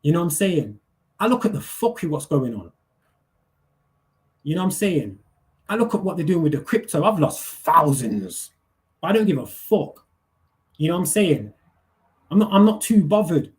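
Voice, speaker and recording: A man's voice: on the high side, sing-song, moderate pace, long pauses, a little mellow. A middle-aged man, ranting casually and profanely on a livestream in heavy street slang. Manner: heated, profane, slangy, keeps asking "you get me".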